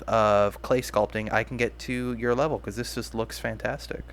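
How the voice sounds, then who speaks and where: A young man rambles casually and self-deprecatingly on his own solo podcast, often restarting his sentences. His mid-range voice holds a steady tone at normal speed, with a little hiss or hum in the background.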